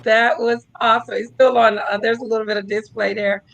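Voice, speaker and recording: A woman from Tennessee hosts an emotional live-stream announcement over a video call. Her voice sits a little high, with a gravelly edge to it. She talks effusively and calls her viewers "y'all.". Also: level tone, fairly quick, fairly bright tone, no room sound. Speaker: host announcing her new venture.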